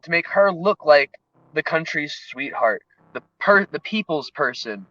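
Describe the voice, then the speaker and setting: A man co-hosting a casual political talk show, halting and searching for words as he speaks. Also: on the high side, animated, pushed and bright, dry recording, lo-fi sound, soft background music. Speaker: co-host.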